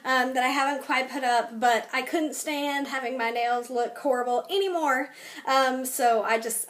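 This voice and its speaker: High-voiced young woman, chatty with ums. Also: fairly bright tone. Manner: chatty, filler-heavy with frequent ums. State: tired. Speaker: beauty vlogger. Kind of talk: casual nail tutorial. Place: home, new place with boxes.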